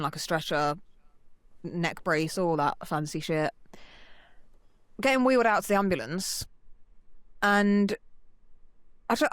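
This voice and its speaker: Animated woman telling a story. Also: mid-range voice, dry recording, clean studio sound. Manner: animated, swears freely, acts out quoted voices. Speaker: podcast co-host. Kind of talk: casual storytelling chat.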